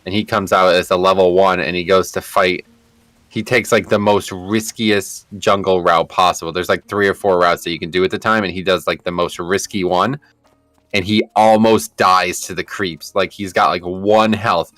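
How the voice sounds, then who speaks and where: A man streaming a game, telling a rambling story in an animated, casual way and swearing freely. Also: low-pitched, moderate pace, no room sound.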